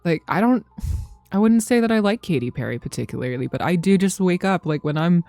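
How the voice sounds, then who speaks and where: A woman in her thirties with a low, mellow voice chats loosely to her stream, rambling from one thought to the next and swearing casually. The sound is close and dry, with a little music in the background. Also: animated, a little fast, dry recording. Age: 30s. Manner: rambling, chatty, swears freely, laughs often. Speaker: game streamer. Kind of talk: casual chat with live chat.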